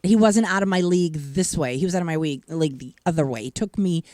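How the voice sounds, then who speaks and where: A woman's voice: fairly low pitch, fast talker, dry recording, studio quality. A woman from New co-hosting a live stream, joking and telling stories in casual banter. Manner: animated, joking, storytelling. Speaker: co-host.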